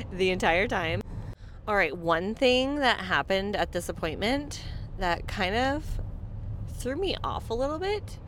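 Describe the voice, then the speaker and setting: Chatty woman vlogging, quick laughs. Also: medium pitch, a little hiss or hum. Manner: chatty and animated, with frequent laughs and restarts. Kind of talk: casual chat to camera.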